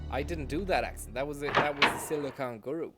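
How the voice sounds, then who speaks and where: A man's voice: on the high side, fast talker, poor audio. A man streaming a game, joking, swearing and talking to his chat. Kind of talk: casual live-stream commentary. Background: loud music.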